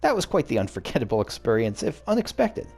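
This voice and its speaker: A man's voice: medium pitch, wildly swooping pitch, quick pace, vocal fry, a little mellow, husky, full character voice. A man doing a shy woman miner. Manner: modest, polite.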